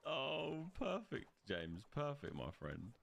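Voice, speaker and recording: A man yelling callouts to his squad while gaming, swearing and laughing a lot. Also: medium pitch, huge pitch swings, slow. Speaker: gamer playing with a squad. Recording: clear game noise behind the voice.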